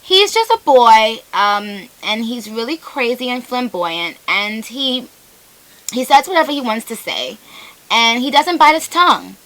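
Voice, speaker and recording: Bright-voiced woman, playful radio guest. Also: on the high side, unhurried, low-quality recording. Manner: playful, animated storytelling. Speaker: guest artist. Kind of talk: casual radio interview. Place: radio studio.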